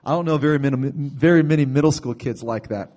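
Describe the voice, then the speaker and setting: A man preaching a sermon, retelling a story in a conversational way with sudden loud bursts. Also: mid-range voice, fast talker.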